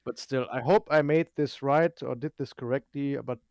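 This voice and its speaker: A man's voice: medium pitch, moderate pace, creaky, a little mellow, no room sound. A man from Germany, a guest on a casual live stream, explaining things at length with dry humor.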